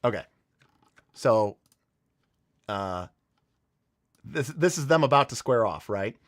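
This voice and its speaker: A man's voice: medium pitch, animated, slow pace, no room sound, studio quality. Rambling enthusiastic man on a livestream. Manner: rambling, enthusiastic storytelling with many fillers. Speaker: livestream host. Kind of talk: casual livestream chat.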